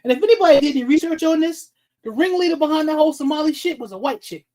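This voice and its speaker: A man's voice: very high voice, animated, very fast, dark tone, rough recording. Blunt, profane man ranting on a livestream. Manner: talks to chat viewers by name. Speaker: livestream host. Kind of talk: livestream commentary rant.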